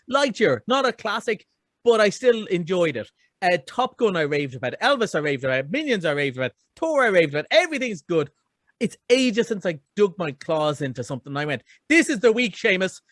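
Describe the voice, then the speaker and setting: In casual radio chat, a middle-aged man with a notably high, slightly bright voice rambles enthusiastically through a film review. The recording is close and dry, with no room sound at all.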